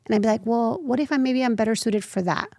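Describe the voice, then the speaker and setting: Woman in her thirties, interview guest, animated storytelling, dry close sound. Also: fairly high pitch, fast, dry recording. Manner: animated, acts out quoted voices. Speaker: nonprofit founder, podcast guest.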